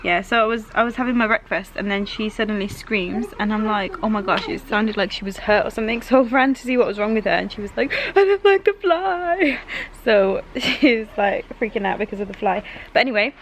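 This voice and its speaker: A woman's voice: medium pitch, steady tone, fast talker, a little hiss or hum, low-quality recording. A young woman vlogging casually at home and in the garden, chatty and upbeat, laughing often as she talks to the camera. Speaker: vlogger and mother. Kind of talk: casual home vlog chat.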